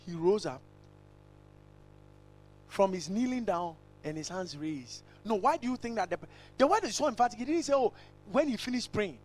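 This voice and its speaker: A man preaching a sermon, emphatic and repetitive, swinging between shouted lines and hushed asides. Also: sits high, slight background noise, poor audio. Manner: repetitive, rhetorical.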